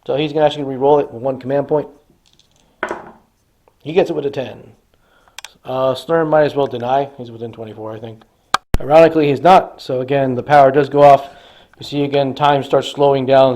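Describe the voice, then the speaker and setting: A man's voice: mid-range voice, fairly even intonation, fairly quick, dark tone, slight background noise. A man casually narrating a tabletop wargame battle report, enthusiastically dramatizing the action. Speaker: hobby wargamer.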